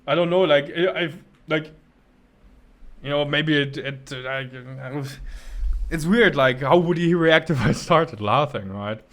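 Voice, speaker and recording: A man's voice: on the high side, a little slow, fairly bright tone. A man co-hosting a podcast, telling a story in a rambling, casual way with many restarts. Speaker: podcast co-host.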